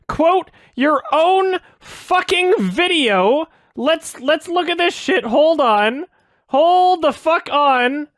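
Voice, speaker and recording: A man hosting a reaction video, ranting in an exasperated, sweary way, swinging between loud outbursts and low sarcastic muttering. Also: lively intonation, takes it slowly, dry recording, clean studio sound. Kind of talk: ranting commentary.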